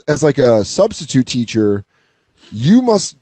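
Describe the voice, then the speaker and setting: A man's voice: medium pitch, animated, darkish tone, dry recording. A man hosting a casual podcast chat, swearing freely and acting out what others say, from Colorado. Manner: profane, jokey, quick to act out quotes. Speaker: podcast host, comedian.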